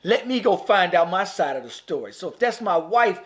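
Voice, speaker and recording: A man's voice: sits high, big pitch swings, normal speed, fairly bright tone. Emphatic preachy man talking to viewers. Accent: Chicago. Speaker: vlogger. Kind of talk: live-streamed commentary.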